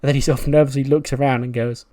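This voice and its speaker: A man's voice: mid-range voice, steady tone, very fast, warm tone. Chatty man narrating a game playthrough. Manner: chatty, laughs at own jokes, self-correcting. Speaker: game commentator. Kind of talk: casual narration of a wrestling sim playthrough.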